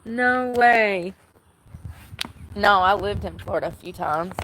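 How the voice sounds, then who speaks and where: A woman's voice: fairly low pitch, fairly even intonation, brisk, fairly bright tone, a little hiss or hum, poor audio. A woman chatting bluntly and fiercely to her livestream viewers, sounding worn out. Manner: blunt, fiery, talks back to chat. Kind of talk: casual livestream chat.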